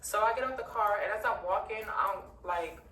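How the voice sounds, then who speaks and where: A woman's voice: mid-range voice, moderate pace, pushed and bright. Candid woman telling a storytime, roomy. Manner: candid, profane, heavy use of "like". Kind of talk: casual storytime vlog. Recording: roomy distant mic with faint ambient noise.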